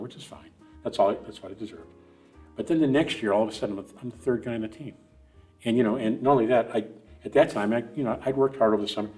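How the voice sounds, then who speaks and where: A man's voice: lowish voice, darkish tone. A middle-aged man, a guest on a running podcast, telling long rambling stories with many restarts and asides. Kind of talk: casual storytelling interview.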